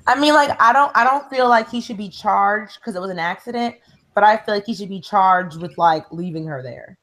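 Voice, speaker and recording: A woman's voice: mid-range voice, brisk, a bit bright. A young woman chatting casually on a discussion show, dropping "like" into almost every sentence. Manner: conversational, heavy use of "like". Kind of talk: casual chat.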